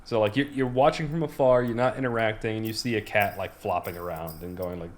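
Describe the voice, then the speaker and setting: A man's voice: lowish voice, brisk. A man co-hosting a podcast, telling stories in a casual, rambling way with lots of restarts and fillers. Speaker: podcast co-host. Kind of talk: casual chat.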